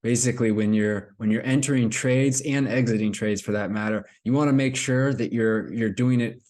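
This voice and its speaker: A man's voice: medium pitch, fairly even intonation, normal speed, a little mellow. A man giving casual commentary to camera as a vlogger, rambling as he explains things. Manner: rambling, with many fillers and restarts. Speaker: crypto vlogger.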